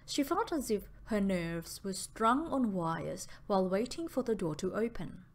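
A woman narrating an audiobook in a slow, deliberate reading style. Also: medium pitch, lively intonation.

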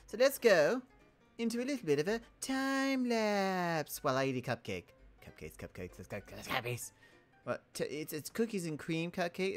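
A casual gaming commentator who rambles, jokes and keeps cutting into their own sentences while building. The voice swoops up and down with lively intonation. Soft background music plays under the talk. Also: mid-range voice. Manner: rambling, joking, self-interrupting. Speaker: Minecraft let's play creator.

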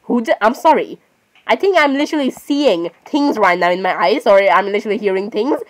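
A woman's voice: medium pitch, animated, brisk. A woman giving casual gameplay commentary, chatting on and arguing with herself, often breaking off to apologize. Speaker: gaming channel host.

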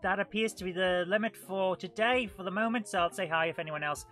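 A woman talks a live retro game stream, chatty and self-mocking as she greets viewers in the chat. Her voice is bright and forward, with faint music playing behind her. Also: mid-range voice, fairly quick. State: coughing and out of breath. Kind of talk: live gameplay commentary.

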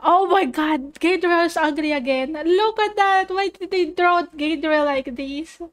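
A woman giving an excitable video reaction commentary as a VTuber, laughing and exclaiming often. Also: very high-pitched, measured pace. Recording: video's music playing behind.

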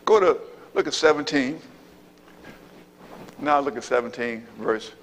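A man's voice: medium pitch, expressive, a little slow, a little hiss or hum. A man preaching a sermon as pastor, calling out amen and praise God and repeating his phrases for emphasis. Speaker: apostle and pastor. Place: church sanctuary. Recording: reverberant church hall.

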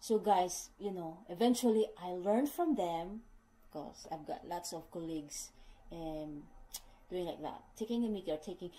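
A woman's voice: fairly low pitch, normal speed, warm tone, rough recording. A middle-aged woman explaining slang to her viewers in casual speech, repeating herself patiently and calling them guys, with non-native English phrasing. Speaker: vlogger teaching British slang.

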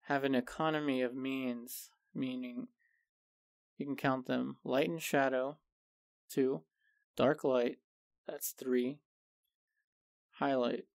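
Slow, gravelly-voiced man teaching painting. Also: mid-range voice, no room sound. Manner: calm, unhurried step-by-step explaining. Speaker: art instructor. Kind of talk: painting tutorial narration.

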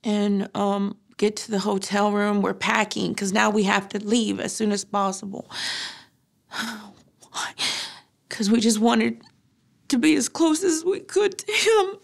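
A middle-aged woman speaking haltingly as she recounts her loss in a personal testimony, often pausing and using fillers. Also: mid-range voice, vocal fry. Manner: halting, grief-stricken, frequent fillers. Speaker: grieving mother interviewee.

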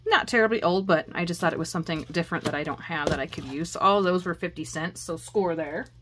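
Middle-aged woman, crafting vlog host, chatty show-and-tell, excitable, faint hiss behind her. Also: on the low side, fast talker. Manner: chatty and excitable, laughs often.

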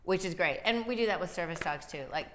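A woman dog trainer with a fairly low voice answers viewers' questions in a live advice chat. She explains in a lively way and often slips into little acted-out voices for dogs and owners. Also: quick pace, a little hiss or hum.

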